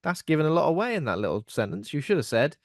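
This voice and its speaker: A man's voice: on the high side, sing-song, fast, no room sound, studio quality. A man co-hosting a podcast in casual chat, rambling and self-mocking, laughing often. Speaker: podcast co-host.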